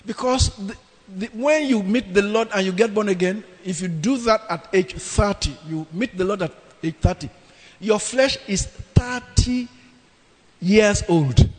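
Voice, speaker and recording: A man's voice: high voice, a little slow. A man preaching a sermon, emphatic and dramatic in his scripture reading. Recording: long reverb of a hall.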